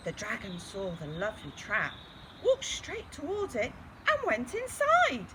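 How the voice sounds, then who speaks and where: A woman reading a children's story aloud in a lively, expressive way. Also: fairly high pitch, unhurried, background noise.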